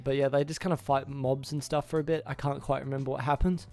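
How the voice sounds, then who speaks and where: A man's voice: medium pitch, flat delivery, fast, a little mellow, faint music behind. A man casually recapping a film's plot for his channel, rambling, restarting names and acting out the characters' lines. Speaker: YouTuber reviewing a film.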